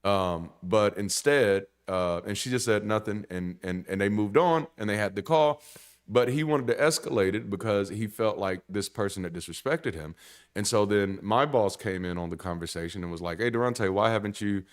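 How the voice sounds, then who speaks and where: A man preaching in a conversational sermon style, blunt and animated, swearing casually and restarting sentences. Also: on the low side, moderate pace, smooth. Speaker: pastor.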